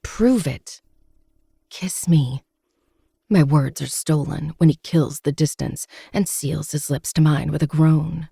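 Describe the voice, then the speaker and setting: A man narrates a romance novel aloud in steady, dramatic first person. His tone is mellow and slightly husky, with a gravelly edge. The sound is dry and close. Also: a little high, moderate pace, hardly any pauses, no echo. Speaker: podcast host.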